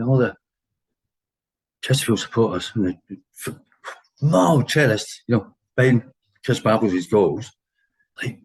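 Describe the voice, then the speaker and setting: A man's voice: mid-range voice, expressive, normal speed, long pauses, darkish tone, low-quality recording. A man in his sixties with an English accent, a former footballer telling dressing-room stories in a casual interview, full of laughs and quoted voices.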